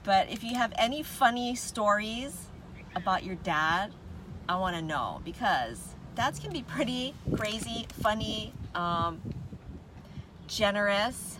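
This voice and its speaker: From her parked car with the windows down, a woman livestreams, chatting casually with viewers, greeting them, and laughing often. Faint traffic noise drifts in through the open windows. Her mid-range voice has lively intonation and a slow pace.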